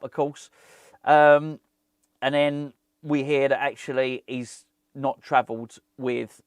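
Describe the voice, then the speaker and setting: A man's voice: on the high side, no room sound. Rambling man, dry sound. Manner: rambling, laughs often, self-deprecating. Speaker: football fan channel host. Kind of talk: casual chat to camera.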